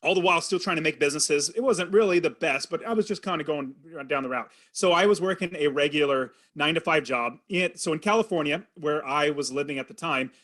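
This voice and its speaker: A man in his forties, a real estate investor, telling a personal story in an earnest, animated way as a podcast guest. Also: a little high, brisk, hardly any pauses. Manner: earnest, animated storytelling with quoted inner thoughts. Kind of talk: storytelling in an interview.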